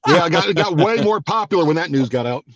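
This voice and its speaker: A man telling stories in casual podcast chat, with a deadpan manner and dry jokes. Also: on the high side, quick pace, a crowd in the background. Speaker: podcast co-host.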